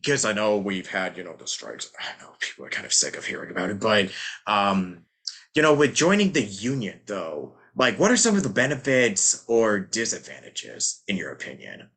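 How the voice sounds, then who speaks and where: A man's voice: fairly low pitch, big pitch swings, normal speed, bright, forceful tone. A man hosting a casual interview, rambling through his questions with fillers and restarts. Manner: rambling, many fillers and restarts, acts out quotes. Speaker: podcast host.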